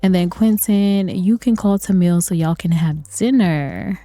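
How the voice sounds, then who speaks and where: A woman's voice: fairly low pitch, a little slow, dark tone, dry recording. A woman giving chatty let's-play commentary on a life-sim game, laughing often and talking to her viewers. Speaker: gaming video creator. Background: faint game music.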